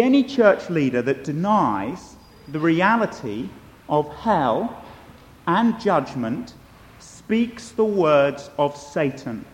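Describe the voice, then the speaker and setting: A man preaching an earnest, emphatic sermon, turning to question his listeners directly. His voice sits high and swings widely in pitch. It rings out with a long reverb in a large church.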